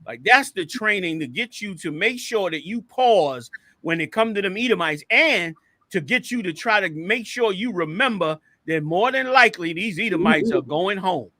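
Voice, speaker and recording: A man's voice: high voice, expressive, normal speed, bright, forceful tone, no echo. A man hosting an online show, giving heated, emphatic commentary over video clips and repeating his points like a preacher. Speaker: host.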